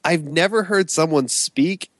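A man's voice: on the high side, a little slow, no echo, studio quality. A man from Dallas ranting animatedly on a casual podcast. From Dallas, Texas. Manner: animated, mocking imitations. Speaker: podcast co-host.

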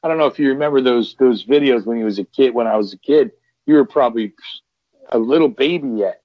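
A man's voice: mid-range voice, quick pace, dry recording. A middle-aged man, a veteran wrestler and podcast guest, telling stories in a rambling, casual way with lots of restarts. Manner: rambling, restarts and repeats, lively retelling of quotes. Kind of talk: casual storytelling. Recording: dull, dry sound.

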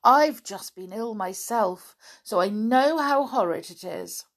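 A woman voicing a kind, motherly female duck in a children's storybook, warm-hearted and sympathetic. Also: mid-range voice, animated, slow, voice pushed up.

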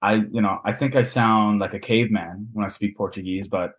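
A man's voice: lowish voice, steady tone, fairly quick, fairly bright tone. A man from Canada, a podcast guest, chatting casually in a rambling, self-deprecating way with lots of fillers. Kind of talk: casual chat.

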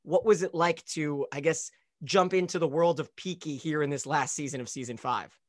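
A man's voice: fairly high pitch, moderate pace, no echo, studio quality. A man hosting an interview, enthusiastic and full of compliments for his guest. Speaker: podcast host. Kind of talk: casual interview.

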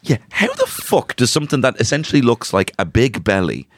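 A man's voice: medium pitch, brisk, no room sound. Dublin guy cracking crude jokes on a podcast, bouncy delivery, dead dry sound. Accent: Dublin Irish. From Ireland. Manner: crude, joking, animated storytelling. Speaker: podcast co-host. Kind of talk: casual comedic chat.

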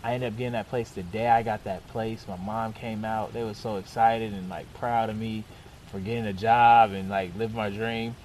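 A young man casually telling a long personal story, animated and often laughing as he goes. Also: fairly low pitch, normal speed, a little hiss or hum. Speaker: storyteller guest.

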